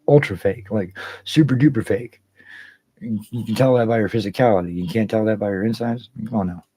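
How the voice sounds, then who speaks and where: A man's voice: on the low side, fairly quick, dark tone, breathy edge, dry recording, rough recording. A man hosting a casual livestream, rambling and swearing freely while greeting viewers by name. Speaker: livestream host.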